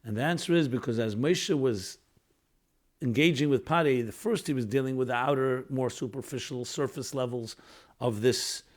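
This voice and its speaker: A man teaching Torah in an earnest lecture style. His voice sits at an ordinary middle pitch. He leans harder on key points and mixes Hebrew and Yiddish terms into his English. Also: normal speed. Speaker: rabbi lecturer.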